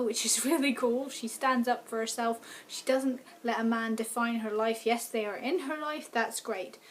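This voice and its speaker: A woman, chatting enthusiastically to camera as a book vlogger. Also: on the high side. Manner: enthusiastic, gushing fan talk. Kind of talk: casual review chat to camera.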